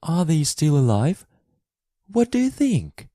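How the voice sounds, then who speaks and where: A man voicing a lonely, eager young girl in a storybook reading for English learners, with a high, pleading girlish voice. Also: huge pitch swings, slow, warm tone, no room sound, clean studio sound, exaggerated voice. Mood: anxious.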